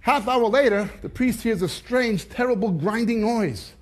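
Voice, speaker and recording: A man's voice: extremely high pitch, unhurried. A man teaching a sermon who tells jokes before reading from Scripture. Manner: joke-telling, then scripture reading. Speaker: Bible teacher.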